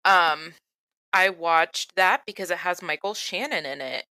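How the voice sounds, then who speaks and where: Woman podcast co-host, lowish, smooth and resonant, casual and hesitant. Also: a little slow, sharp tone, no room sound. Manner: chatty, hesitant fillers.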